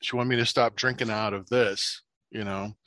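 A man's voice: lowish voice, fairly even intonation, normal speed, sharp tone, no echo. A man co-hosting a podcast in casual chat, joking and rambling with frequent laughs. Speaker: podcast co-host.

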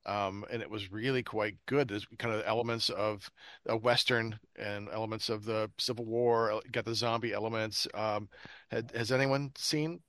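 A man's voice: on the low side, fairly even intonation, moderate pace, a bit bright, no room sound. A man in casual podcast chat, hesitant and full of ums, fond of puns.

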